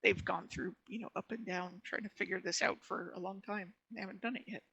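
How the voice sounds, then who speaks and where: Bright, argumentative podcast co-host woman. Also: mid-range voice, steady tone, brisk, gravelly, breathy edge, dry recording, muffled recording. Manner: argumentative, explains at length, laughs. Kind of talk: casual chat.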